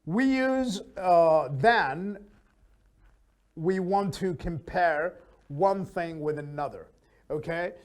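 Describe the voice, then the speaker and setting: Male English tutor, high voice, unhurried, repeats each example sentence for learners. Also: a little mellow. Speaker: English teacher. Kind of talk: grammar lesson, reading examples aloud.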